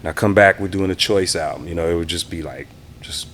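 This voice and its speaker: A man from the Houston area with a very low voice sits for a casual interview. He reminisces in a relaxed, easygoing way and slips into quoting the people he talks about. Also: fairly quick, a little hiss or hum. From Houston area, Texas. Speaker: interview guest, DJ and producer.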